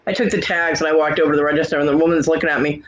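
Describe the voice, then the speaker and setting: A woman's voice: deep voice, steady tone, racing, dull audio. A woman host in casual chat, bluntly telling salty family stories with a laugh.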